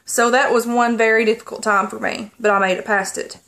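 A woman speaks to her viewers in a fairly high voice while holding back tears. She talks haltingly, drifts off track and restarts her sentences often. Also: fairly even intonation, a bit bright. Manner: halting, rambling, many pauses and restarts. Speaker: vlogger. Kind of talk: personal story to camera.

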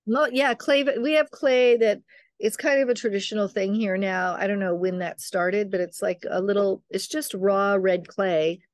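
A woman's voice: mid-range voice, fairly even intonation, normal speed, no room sound. Older woman telling stories in a dry room. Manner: chatty, rambling, acts out quoted family members. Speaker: midwife and author, guest. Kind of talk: casual storytelling conversation.

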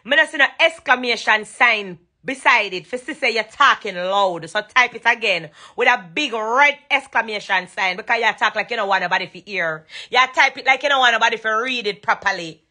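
Bright-voiced Jamaican woman going live. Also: fairly high pitch, expressive, a little fast, hardly any pauses. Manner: emphatic, repetitive, switches into patois. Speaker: dancehall singer thanking fans on a live stream. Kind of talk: casual live-stream chat. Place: bedroom at night.

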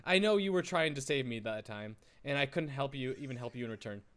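A man reading game dialogue aloud as a gentle, worried young girl companion, softly and apologetically. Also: medium pitch, brisk, clear, resonant tone, natural voice.

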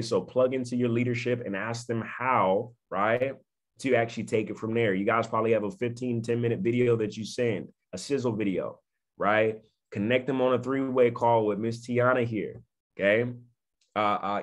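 Guy on a video call hyping up his audience, keeps asking "okay?", mid-pitched voice. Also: fairly even intonation, normal speed. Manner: emphatic, repeats phrases, keeps checking in with the listeners. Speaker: network marketing speaker. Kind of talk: motivational talk on a video call.

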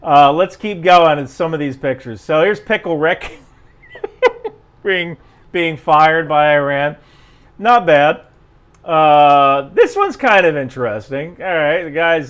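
Chuckling man with softened Jersey accent. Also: on the high side, lively intonation, slow pace. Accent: General American, softened New Jersey. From New Jersey. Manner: chuckling, rambling, self-interrupting. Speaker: YouTube commentator. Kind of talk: casual commentary.

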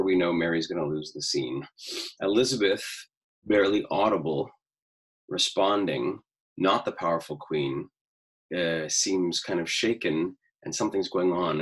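Male acting coach, deep and husky, chatty lecture delivery with frequent fillers. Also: poor audio. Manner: talkative, explains at length with many fillers. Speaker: acting teacher. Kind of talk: lecture on a film scene.

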